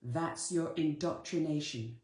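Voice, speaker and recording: A woman's voice: deep voice, unhurried, a little mellow, echoey room. A woman giving a live-streamed motivational talk, earnest and direct, repeating her key phrases to her listeners. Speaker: spiritual coach.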